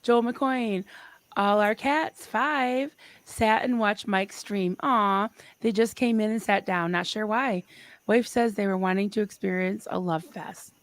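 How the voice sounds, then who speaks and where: A woman's voice: mid-range voice, a little slow, no echo. A woman co-hosting a casual livestream, bubbly and laughing often as she reads chat messages aloud. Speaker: co-host.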